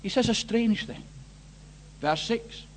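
A man with a strikingly high voice preaches a sermon at an unhurried pace. He leans on his words earnestly, repeats key phrases for weight, and puts pointed questions straight to his listeners. His pitch swings freely as he drives each point home. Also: animated. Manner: addresses listeners directly with questions. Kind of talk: evangelistic sermon.

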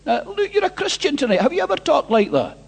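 A man's voice: very high voice, wildly swooping pitch, fast, vocal fry. A man preaching an evangelistic sermon, earnest and emphatic, repeating key phrases and questioning his listeners directly.

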